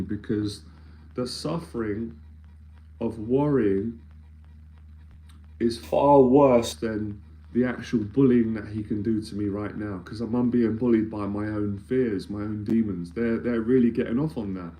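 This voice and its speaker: Earnest man, low mellow voice. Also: unhurried. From London, England. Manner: earnest and emphatic, repeating phrases as he builds a point. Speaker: anxiety mentor. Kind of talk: live-streamed talk with viewer questions.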